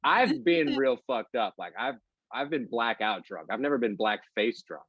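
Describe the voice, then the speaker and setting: A man in his twenties doing a stand-up set with a deadpan, throwaway delivery. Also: mid-range voice, normal speed, breathy edge, no room sound, highs cut off. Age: 20s. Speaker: stand-up comedian.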